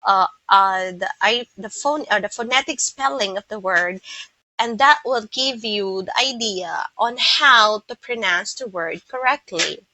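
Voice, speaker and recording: Filipino woman, English teacher, patient lesson delivery, crisp and lively tone, close dry sound. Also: mid-range voice, measured pace, no echo, muffled recording. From Philippines. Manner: patient, explanatory, with frequent comprehension checks.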